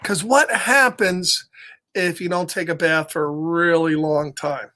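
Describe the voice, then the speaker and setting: A man's voice: fairly high pitch, measured pace, pushed and bright. A man reading a picture book aloud to children, playful and chuckling as he talks to his young listeners. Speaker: children's storyteller.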